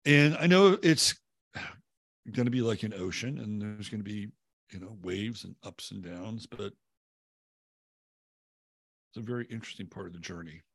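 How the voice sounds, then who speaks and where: A man hosts a casual livestream in a lowish voice, rambling through viewer comments with loose fillers and restarts. He swears offhandedly and drifts between topics. The sound is dry and close, with no room around it. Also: moderate pace, vocal fry, pauses often, a bit bright, dry recording. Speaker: livestream host. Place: home, living in Texas.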